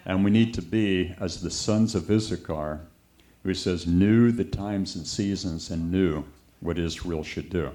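A deep-voiced man preaches unhurriedly, telling a story packed with lively anecdotes and acting out the voices of those he quotes.

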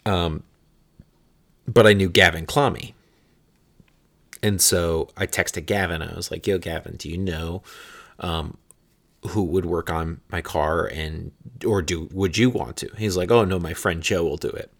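A man's voice: deep voice, steady tone, a little slow, gravelly, pauses often, a bit bright. A man in his thirties telling a casual, rambling anecdote with frequent restarts and some swearing.

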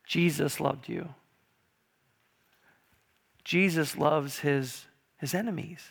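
A male pastor preaching a sermon in a church, emphatic and repetitive, slowing down on key lines and building louder toward urgent points. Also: high-pitched. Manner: emphatic preaching, repeats key phrases and often says "listen". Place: church sanctuary.

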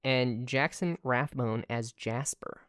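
A woman co-hosting a podcast in casual chat, joking and crude with quick asides. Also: a bass voice, dry recording, clean studio sound. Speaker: podcast co-host.

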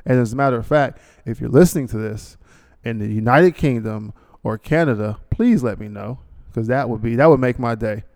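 A man's voice: medium pitch, fairly quick, a little mellow. A male podcast host, talking casually alone and rambling through a sponsor read with joking asides and many restarts. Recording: long hall reverb.

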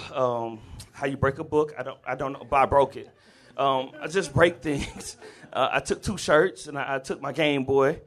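A man from the Southern US telling a comic personal story at a live storytelling event, in an animated, chuckling, conversational way. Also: medium pitch.

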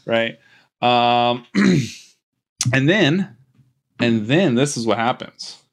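A man's voice: mid-range voice, expressive, drawn-out words, creaky. A man on a podcast casually recapping a movie, rambling and joking and acting out the characters' lines. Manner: rambling and jokey, with frequent restarts and playful quoted voices.

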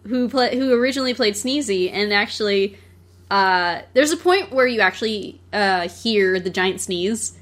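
A woman's voice: mid-range voice, moderate pace, a bit bright. A woman casually co-hosting a podcast, animatedly retelling a cartoon plot and laughing easily. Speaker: podcast co-host. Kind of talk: casual film discussion.

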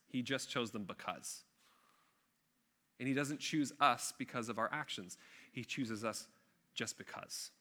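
A man's voice: mid-range voice, pushed and bright. A man preaching a sermon in a conversational, emphatic way, with chatty asides to the congregation. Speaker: pastor.

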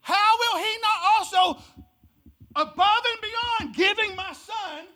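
Bright, emphatic preacher giving a sermon. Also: takes it slowly. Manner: emphatic, swings from loud exclamations to low hushed delivery. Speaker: pastor. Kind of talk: Christmas sermon. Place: church service.

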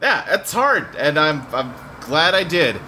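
A man's voice: a little high, sing-song, a little slow, sharp tone, a little hiss or hum. A man co-hosting a casual chat about games from his home office, speaking loosely with lots of fillers and the odd curse word. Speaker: podcast co-host. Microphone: desktop computer setup.

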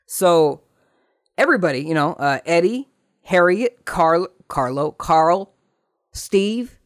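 A man hosting a solo podcast, casually recapping an old TV episode with rambling asides and animated retelling. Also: fairly high pitch, slow pace, dry recording, clean studio sound. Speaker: podcast host.

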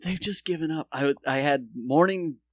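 A man's voice: fairly high pitch, moderate pace, no room sound, studio quality. A man co-hosting a podcast, chatting casually and dropping wry, sarcastic asides. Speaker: podcast co-host. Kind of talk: casual chat.

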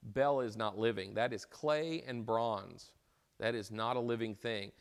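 A man voicing a calm, faithful young prophet who answers plainly and steadily. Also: lowish voice, unhurried, vocal fry, smooth, big-room sound. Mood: steady.

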